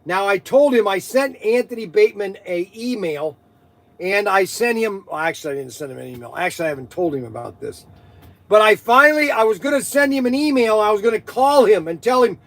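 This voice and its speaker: Excitable high-voiced man hosting a livestream. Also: brisk, dry recording. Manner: excitable, rambling, laughing, teasing. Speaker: livestream host of a toy shop. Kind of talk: casual livestream chat, reading viewer comments.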